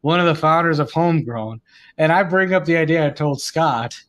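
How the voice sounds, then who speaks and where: A man's voice: fairly high pitch, moderate pace, fairly bright tone. A man co-hosting a podcast, telling an amused, rambling story in casual chat. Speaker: podcast co-host.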